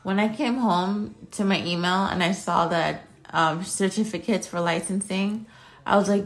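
A woman's voice: mid-range voice, a little slow. A young woman vlogging at home, talking in a blunt, ranting way and swearing freely. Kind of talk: casual chat.

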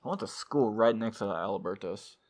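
A man with a lower voice than most, co-hosting a podcast in casual chat. He speaks in short, blunt one-liners, crude and full of swearing. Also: animated, a little fast. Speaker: podcast co-host.

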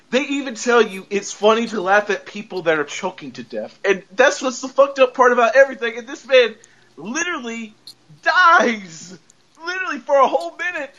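A man hosting a podcast in casual chat, animated, laughing often and swearing freely. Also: very high-pitched, highs cut off. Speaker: podcast host. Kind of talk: casual chat recapping a show.

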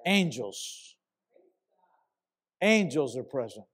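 A man's voice: medium pitch, sing-song, drawn-out words, a bit bright. A middle-aged man, a pastor, preaching a sermon and telling a story with emphatic, repeated words.

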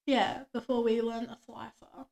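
A woman's voice: fairly high pitch, little pitch movement, moderate pace, creaky, darkish tone. A young woman, chatting casually as a podcast co-host and acting out quoted lines from her workday. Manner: chatty storytelling, acts out quoted dialogue. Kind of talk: casual chat.

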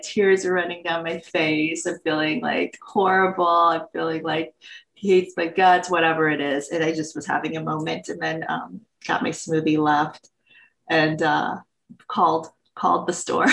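A woman's voice: deep voice, creaky, a bit bright, low-quality recording. A woman guest on a podcast, candidly sharing a personal story with emotion and acted-out quotes. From United States.

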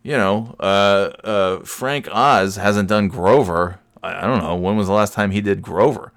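A man's voice: fairly low pitch, measured pace, no room sound, clean studio sound. A man ranting casually, grumbling and swearing, with frequent restarts. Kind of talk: casual rant.

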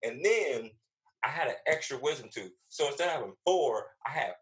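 A man's voice: moderate pace, slight background noise, poor audio. Slangy male comedian telling a story. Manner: animated, acts out quoted voices with big pitch jumps; slangy and profane. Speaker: comedian guest. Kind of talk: casual storytelling chat.

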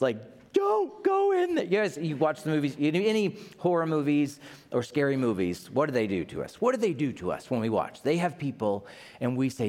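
A middle-aged man, preaching a sermon as pastor, telling stories and acting out quotes with big jumps in pitch. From Tennessee, USA. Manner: lively storyteller, acts out quotes, jumps in pitch.

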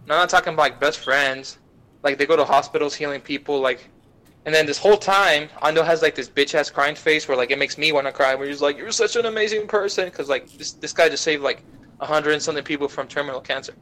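Poor audio carries a young man's on-the-high-side voice as he, a podcast guest, casually walks through an anime plot. He curses freely and briefly acts out the characters' voices in an animated retelling.

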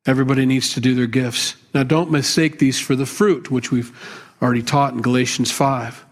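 A man's voice: medium pitch, fairly even intonation, a little fast. A middle-aged man, a pastor, teaching a conversational sermon in a plainspoken, candid way, with asides and self-deprecating humor. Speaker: pastor teaching a Bible study.

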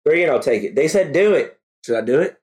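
A young man co-hosting a live stream in casual chat, excitable and joking, quick to laugh. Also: a little high. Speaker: podcast co-host.

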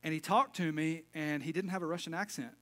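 A man's voice: a little high, fairly quick, fairly bright tone. A middle-aged man preaching a casual sermon as pastor, folksy and full of joking asides.

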